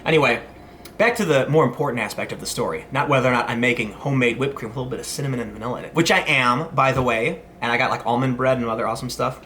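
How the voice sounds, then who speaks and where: A man in his thirties talks quickly in a casual commentary vlog. His voice is bright and forceful, and he rambles, often restarting his sentences and going off on asides. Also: medium pitch, a little hiss or hum. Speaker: commentary host.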